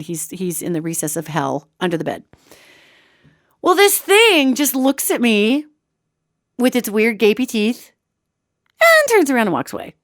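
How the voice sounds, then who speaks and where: Woman, radio host, casual expressive storytelling, animated pitch, dry close sound. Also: dry recording. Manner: expressive, casual, acts out quotes.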